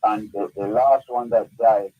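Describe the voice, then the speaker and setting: A man's voice: lowish voice, steady tone, a little slow, husky. A man with a Jamaican accent calling a radio show, asking his question politely and hesitantly. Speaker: caller. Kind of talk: phone call to a radio show. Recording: tinny phone line.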